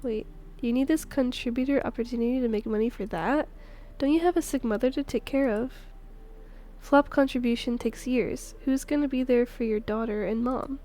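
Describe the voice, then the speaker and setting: A woman's voice: a little high, normal speed, mellow, lightly acted. A woman reading the lines of an earnest, impulsive young male agent in a game, moralizing and insistent.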